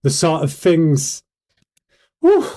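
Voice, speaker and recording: A man's voice: on the high side, moderate pace, warm tone. Hyped British man talking to his stream chat. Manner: hyped, rhetorical, keeps asking the chat questions. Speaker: livestream host. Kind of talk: casual livestream commentary.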